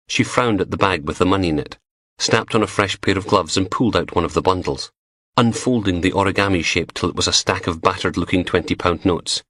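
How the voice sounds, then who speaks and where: Low-voiced man reading a crime audiobook. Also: brisk, fairly bright tone, dry recording, clean studio sound. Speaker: audiobook narrator. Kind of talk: scripted narration.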